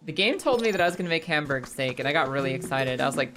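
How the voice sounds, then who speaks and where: A woman's voice: deep voice, very animated, very fast, few pauses. A woman livestreaming a game, chatting playfully with her viewers, joking and swearing freely. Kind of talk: casual gameplay commentary to a live chat. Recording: game music playing behind.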